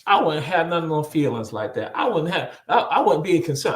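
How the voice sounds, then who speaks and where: A man, a guest on a video-call interview, telling a story in a lively way, often repeating words and acting out what people said. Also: fairly high pitch, brisk, echoey room. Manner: animated, repeats words, acts out quoted voices.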